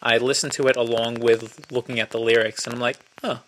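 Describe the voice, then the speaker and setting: A man guesting on a casual music podcast, with a bright, forceful voice and faint noise behind it. He speaks in a measured, thoughtful way, pausing on "uh" and "um" as he works through his ideas. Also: mid-range voice, flat delivery, rough recording. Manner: measured, thoughtful, with hesitant fillers. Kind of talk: casual chat.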